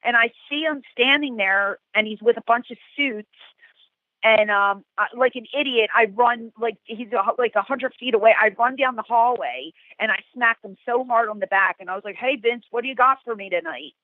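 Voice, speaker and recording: A middle-aged woman, a guest, telling animated stories and acting out the quotes. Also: on the high side, normal speed, no room sound. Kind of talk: storytelling interview. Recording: tinny phone-like call, dry.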